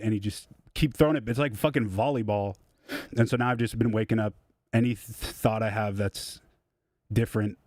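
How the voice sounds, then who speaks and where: A young man talks casually on a live stream from his home studio, rambling and swearing freely. He pokes fun at himself as he goes. His voice sits a little low and sounds dry and close. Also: no echo. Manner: rambling, profane, self-deprecating. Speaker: music producer streaming live.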